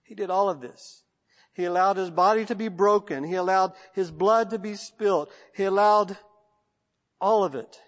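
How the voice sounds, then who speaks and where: A Texan man preaching a sermon as pastor, in a rhythmic cadence with long lists and soft drops at line ends. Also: sits high, moderate pace. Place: church sanctuary. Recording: long church reverb.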